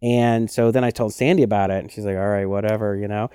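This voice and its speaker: A man co-hosting a podcast in casual chat, telling stories with lively acted-out quotes. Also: mid-range voice, fast, clean tone, dry recording, clean studio sound. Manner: animated storyteller who acts out quotes. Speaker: podcast co-host.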